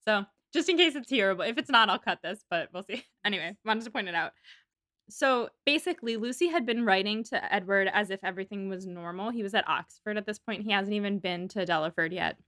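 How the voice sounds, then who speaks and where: A woman co-hosts a casual book-club podcast, chatting and reading passages aloud with playful emphasis. Her voice is bright and clear, recorded dry and close with no room sound. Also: mid-range voice, lively intonation, brisk, no room sound. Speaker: podcast co-host. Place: apartment room in a city.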